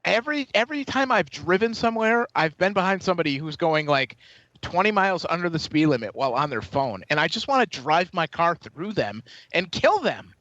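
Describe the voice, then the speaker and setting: A tipsy man rants through a profane story on a podcast, his high voice swinging all over the place. His tone is bright and sharp. The sound is dry and a little dull, like a lo-fi home recording. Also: big pitch swings, a little fast, dry recording. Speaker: podcast co-host. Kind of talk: casual chat.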